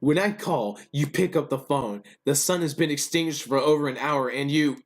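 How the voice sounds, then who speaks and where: A man voicing a furious, bossy middle-aged woman boss who scolds in a raised, shrill voice while reading a story game aloud. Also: normal speed, close to an everyday voice. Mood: scolding.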